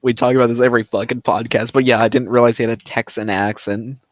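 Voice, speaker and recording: A man's voice: medium pitch, steady tone, fast. A young man co-hosting a podcast, chatting casually, rambling and swearing a lot. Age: young adult. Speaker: podcast co-host. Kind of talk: casual chat.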